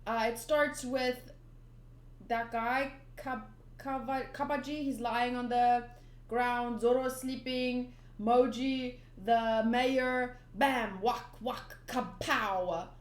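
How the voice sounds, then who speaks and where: A young woman rambling casually at home, full of ums and little laughs, reading through a comic for her channel. Her voice is a touch high, and the room gives it a clear echo. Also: fairly even intonation, slow pace. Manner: rambling, lots of ums, giggly asides. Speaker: manga reader and channel host. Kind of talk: casual chatty readthrough. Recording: roomy echo.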